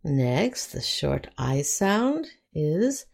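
A woman teaching an English phonics lesson, saying each example word slowly and clearly. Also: on the low side, very animated, darkish tone. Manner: drawn-out, clearly enunciated example words.

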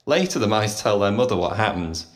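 A man reading short jokes and stories aloud in a clear, expressive manner. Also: fairly low pitch, fairly quick. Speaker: storyteller. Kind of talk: scripted story narration for English learners.

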